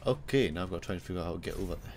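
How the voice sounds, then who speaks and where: A man's voice: deep voice, very fast, gravelly, a little hiss or hum. A man streaming a shooter game, yelping and muttering at the screen as he plays. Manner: excitable, yelps and mutters at the game. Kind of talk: live gameplay commentary.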